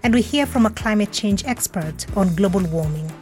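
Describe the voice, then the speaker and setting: Brisk woman presenting over theme music. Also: medium pitch, animated, darkish tone. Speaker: radio presenter. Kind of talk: scripted programme introduction.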